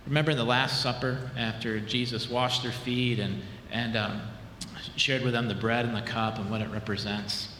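A male pastor preaching a sermon, animated, dropping low and quiet for dramatic retellings. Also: normal speed, slight background noise. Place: church sanctuary. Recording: echoey hall with long reverb.

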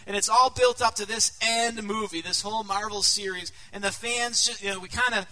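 Man, middle-aged, pastor, sermon, high voice, very bright tone, earnest, hushed to emphatic. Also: fairly even intonation, a little fast, low-quality recording.

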